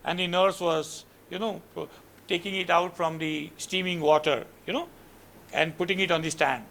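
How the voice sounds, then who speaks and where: Indian guy lecturing students, earnest storyteller, bit high voice, lots of "you know". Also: fairly even intonation, moderate pace, gravelly, a bit bright, slight background noise. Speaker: guest lecturer.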